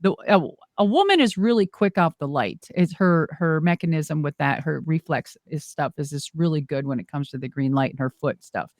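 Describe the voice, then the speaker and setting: Middle-aged lady with a low voice telling stories, rambly and lively, swears a bit, dry sound. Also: normal speed, few pauses, no room sound. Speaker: guest, former wrestler and monster truck driver. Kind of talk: casual storytelling interview.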